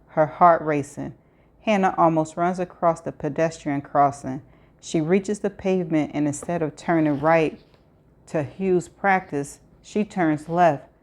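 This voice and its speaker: A woman reading a novel aloud in a steady way, with small restarts. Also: deep voice. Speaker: audiobook reader.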